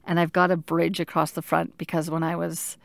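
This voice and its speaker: A middle-aged woman telling a personal story in casual talk, animated and halting, with many restarts and filler "like"s. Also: lowish voice, creaky, no echo.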